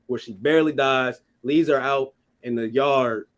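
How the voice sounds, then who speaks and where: A man at a middle pitch talks through a movie on a casual podcast. His delivery is animated and profane, piling on restarts as he gets into the story. It is loose group chat with friends. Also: unhurried. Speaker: podcast co-host.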